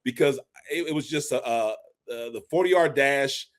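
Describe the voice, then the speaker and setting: A man in his forties co-hosting a casual sports podcast, an animated storyteller who acts out quotes as he recalls his playing days. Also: mid-range voice, measured pace. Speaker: podcast co-host, former NFL fullback.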